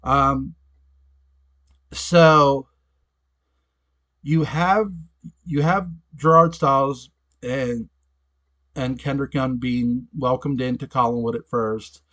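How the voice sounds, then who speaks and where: A man's voice: mid-range voice, fairly even intonation, slow, pauses often, bright, forceful tone. Chatty man recapping an old soap. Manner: chatty, laughs often, frequent restarts and asides. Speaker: fan reviewer recapping episodes. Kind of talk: casual spoken episode recap.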